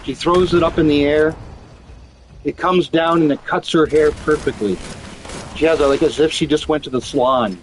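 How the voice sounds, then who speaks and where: A man's voice: fairly high pitch, normal speed, slight background noise, rough recording. A man chatting casually while gaming, telling rambling, profane stories full of restarts. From Canada. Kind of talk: casual chat.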